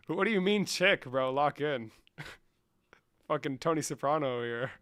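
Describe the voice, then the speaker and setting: A brash young man from Mexico streams from his room, answering his chat in a loose, profane, mocking way. His voice sits a little high for a man, and the sound is close and dry, with no room echo. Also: expressive, unhurried, long pauses. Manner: swearing, mocking, loud bursts and laughter. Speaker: livestreamer. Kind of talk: casual live stream talk to chat.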